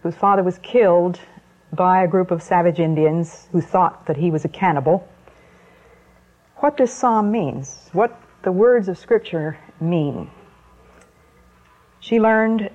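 A woman preaching an evening sermon talk in a slow, deliberate manner, with weighty pauses between phrases. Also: fairly low pitch, darkish tone. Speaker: Christian speaker. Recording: muffled lo-fi recording.

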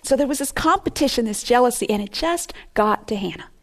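Middle-aged woman teaching the bible, earnest and expressive, voice a bit on the high side, goes hushed at times. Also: a little fast. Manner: earnest and expressive, sometimes dropping to a hush.

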